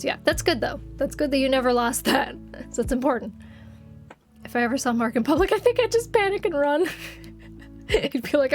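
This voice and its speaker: A woman streamer chatting casually with her viewers, giggling often and getting excited as she reads the chat. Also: a little high. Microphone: desk microphone.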